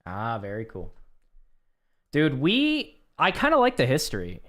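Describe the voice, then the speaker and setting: A man's voice: medium pitch, wildly swooping pitch, measured pace, a bit bright. A young man live-streaming as he works through a coding course, reading lesson text aloud and reacting with offhand remarks. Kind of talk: casual live-stream commentary.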